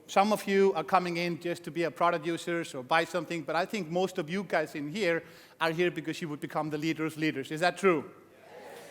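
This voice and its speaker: A high-voiced male motivational speaker gives an energetic stage talk in a large conference hall, shouting to rouse the crowd and acting out voices. The recording carries long hall reverb.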